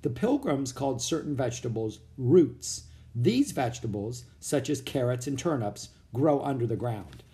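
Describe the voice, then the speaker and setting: A man playing an eager little girl. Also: medium pitch. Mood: reading aloud. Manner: excited, quick questions. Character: eager, curious young girl.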